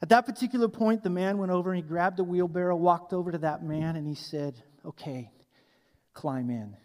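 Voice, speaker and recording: A male pastor preaching a sermon with animated, emphatic delivery and asking the congregation to fill in blanks. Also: high voice, fast talker. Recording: long hall reverb.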